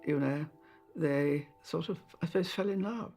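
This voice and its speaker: A woman in her eighties, a former lady-in-waiting, recalling old memories in an interview with fond, halting storytelling. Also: deep voice, music in the background. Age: 80s. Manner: hesitant, fond storytelling with fillers. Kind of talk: interview reminiscence.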